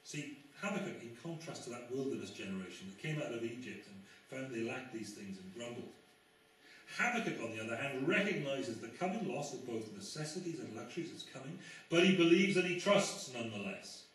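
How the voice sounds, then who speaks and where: A man's voice: mid-range voice, big pitch swings, a little fast, fairly bright tone. Man, sermon, conversational and wry, emphatic rises, very reverberant church, distant mic, faint background hiss. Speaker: preacher. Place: church sanctuary. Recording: very echoey church, mic far off.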